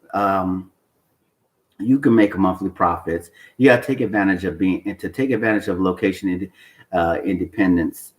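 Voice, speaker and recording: On a poor recording, the same kind of male trading host comes across with a lowish voice. He speaks to camera without a script, coaching in a blunt, emphatic way, repeating points, swearing to stress them, and asking "okay?" and "you know why?" again and again.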